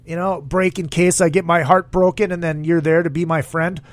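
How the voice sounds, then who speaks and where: A man's voice: on the high side, level tone, moderate pace, no room sound. A man hosting a casual solo podcast, rambling in a crude, jokey way and reading listener comments aloud. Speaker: podcast host.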